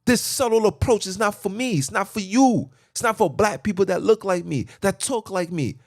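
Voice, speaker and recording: Agitated high-voiced man ranting in a car. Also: normal speed, no room sound, studio quality. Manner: fervent, preachy, repetitive. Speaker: podcast host. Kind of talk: impassioned rant.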